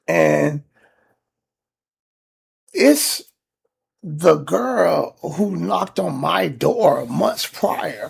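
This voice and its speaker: A man hosting a podcast, telling a neighbor story in a casual, animated, profane rant. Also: sits high. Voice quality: gravelly, husky. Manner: animated, acts out quotes, profane. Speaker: podcast host.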